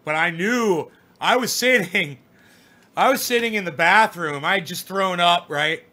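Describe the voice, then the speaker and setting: A man's voice: high voice, a little slow, sharp tone. Rambling, swearing man telling a story. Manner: rambling, profane, repeats himself while remembering. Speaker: vlogger telling a personal story. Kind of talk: casual storytelling monologue.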